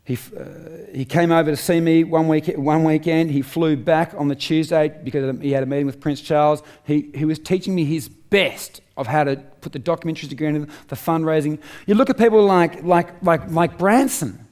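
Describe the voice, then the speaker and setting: A man's voice: on the high side, steady tone, fairly quick, hardly any pauses, a little mellow. A middle-aged Australian man giving a live motivational talk on stage, driving his points home with rhetorical questions and emphatic repetition. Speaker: motivational speaker. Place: on stage before a live audience.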